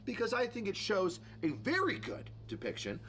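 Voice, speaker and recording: A man's voice: high voice, huge pitch swings, moderate pace, a bit bright, a little hiss or hum. A man giving sarcastic, mocking reaction commentary on a video as a streamer, ranting as he goes.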